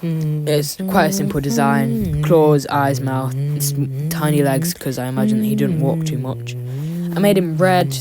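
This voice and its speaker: Heard over a noisy crowd and loud music, a woman with a low, unhurried voice narrates her drawing for YouTube. Her casual commentary meanders, pokes fun at herself, and is packed with ums.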